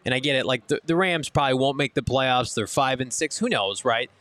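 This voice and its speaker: A man's voice: mid-range voice, fairly quick, fairly bright tone, no room sound. A man hosting a live postgame sports talk show, delivering an emphatic, ranting critique at a casino watch party.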